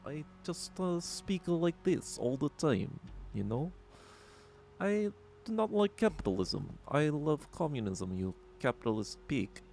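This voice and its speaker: A man putting on a mock Russian movie-villain voice with an exaggerated fake accent, pitched high. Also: sing-song, a little slow, creaky, darkish tone, slight background noise, exaggerated voice.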